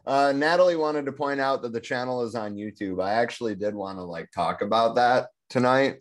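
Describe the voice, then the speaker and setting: A man's voice: mid-range voice, a little fast. A laid-back man making wry remarks in a casual group chat.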